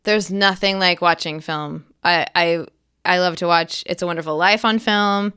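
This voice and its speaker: A woman's voice: fairly low pitch, fairly even intonation, normal speed, sharp tone, smooth. A woman actress talking as an interview guest in casual, enthusiastic, emphatic chat. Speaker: guest actress and accent coach.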